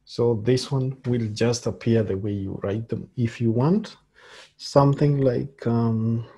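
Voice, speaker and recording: A man teaching a screen-share coding tutorial as a lecturer, talking slowly and haltingly with many fillers. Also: lowish voice, creaky, mellow, slightly rough.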